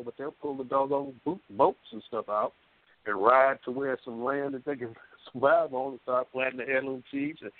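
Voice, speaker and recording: A man's voice: medium pitch, no room sound. A man talking as a guest on a call-in show, folksy and rambling, with many fillers and restarts, over a phone line. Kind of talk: call-in radio talk.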